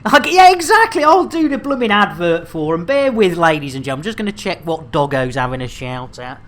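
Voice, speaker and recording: A woman's voice: sits low, lively intonation, a little fast. A woman in her thirties streaming a game, chatting in a rambling, jokey way and stumbling over words with many fillers. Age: 30s. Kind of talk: casual livestream chat.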